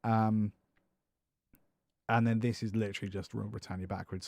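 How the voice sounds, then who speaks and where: A man's voice: fairly low pitch, little pitch movement, moderate pace, gravelly, pauses often, a little mellow, no room sound. A man talking casually on a livestream while writing a song, self-amused and joking dryly about his own lyrics. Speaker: streamer and guitarist. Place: home music studio.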